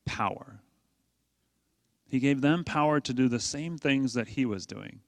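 In a gravelly, medium-pitched voice, a pastor delivers his sermon a little slowly, with no echo in the recording. He talks to the congregation conversationally, asks rhetorical questions, and hammers home the key points.

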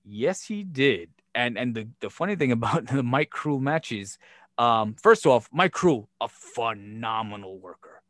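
A man's voice: mid-range voice, unhurried, no echo, clean studio sound. A man telling backstage stories in a casual podcast chat, swearing freely and acting out the exchanges he recalls. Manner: profane, animated storyteller who acts out quoted exchanges. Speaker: former wrestling promoter and show booker.

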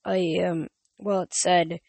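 A man voicing a shaken teenage girl in a storybook reading, halting and subdued. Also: sits high, little pitch movement, creaky, a little mellow, no echo, full character voice.

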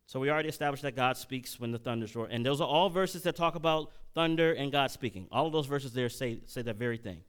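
A man preaching at a Bible study, reading scripture slowly and then speeding up with questions to the congregation. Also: medium pitch, clear, resonant tone. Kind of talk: sermon-style Bible teaching.

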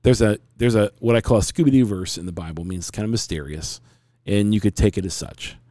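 A man's voice: fairly low pitch, fast, warm tone, no echo, clean studio sound. A middle-aged man hosting a casual talk show, telling a story in a frank, rambling way with many restarts. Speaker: podcast host.

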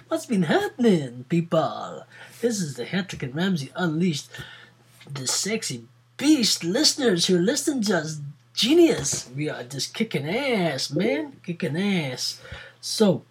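A Scottish podcaster putting on a put-on accent as a brash, hyped-up party podcast host with loud, showy patter. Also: mid-range voice, slightly rough, pitched above the performer's own voice, full character voice.

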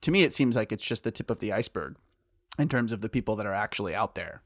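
A man hosting a podcast interview, asking careful, measured questions with some fillers. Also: fairly low pitch, expressive. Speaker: podcast host.

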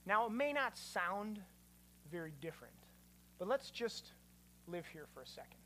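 Man, pastor, teaching sermon, bright tone, animated, quizzes the crowd. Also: high voice, normal speed, a little hiss or hum.

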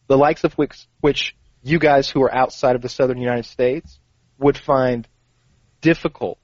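A man's voice: medium pitch, fairly even intonation, moderate pace, no echo. Casting: man in casual podcast talk, rambling and profane, dry dull recording. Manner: rambling, profane storytelling with quoted asides. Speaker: podcast co-host. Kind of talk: casual chat.

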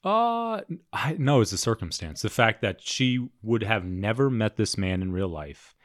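A young man with a lowish voice tells a story on a podcast, laughing often and swearing freely. His delivery is loose and animated, casual chat between co-hosts. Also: a little slow, no echo, studio quality. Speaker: podcast co-host.

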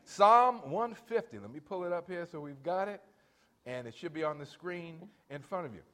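Older man, pastor, lively pitch, higher-pitched voice, storytelling sermon, calls out to the band. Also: normal speed. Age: 60s. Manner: storytelling, animated, rising loud for emphasis; directs the band and congregation.

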